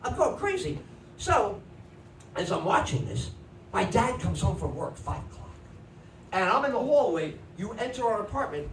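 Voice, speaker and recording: Animated comedian in an echoey club. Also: male voice, high voice, normal speed. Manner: animated, acts out family voices, shouts punchlines. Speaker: stand-up comedian. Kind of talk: stand-up comedy storytelling. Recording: echoey club from a distance with noise.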